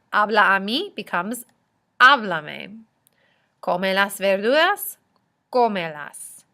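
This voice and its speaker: A woman with a bright, clear voice teaches a recorded grammar lesson. She reads Spanish example phrases and follows each with a careful explanation. Her pitch sits in an ordinary middle range, and her delivery is steady and patient. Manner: explains slowly, switching between Spanish examples and English explanations.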